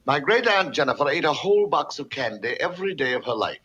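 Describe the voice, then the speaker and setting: A man's voice: on the high side, very animated, quick pace, bright, forceful tone, husky, dull audio, exaggerated voice. A sardonic insulting man. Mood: mocking. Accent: Mid-Atlantic. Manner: mocking, theatrical. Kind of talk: 1930s film acting.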